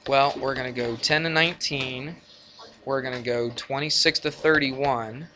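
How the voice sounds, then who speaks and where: A man teaching a math lesson to his class, lively and energetic, often asking the students questions. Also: medium pitch, moderate pace, slight background noise. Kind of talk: classroom lecture.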